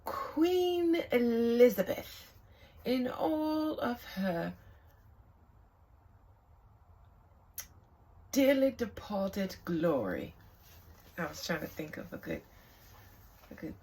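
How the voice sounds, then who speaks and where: A woman reads tarot outside and speaks at an unhurried, drawn-out pace. Her voice has a gravelly, fried edge, and her halting delivery sinks into hushed calls to the spirits. A faint hiss sits under her voice. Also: mid-range voice. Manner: slow, halting, hushed invocations. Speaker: tarot reader. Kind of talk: casual spiritual reading. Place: outdoors.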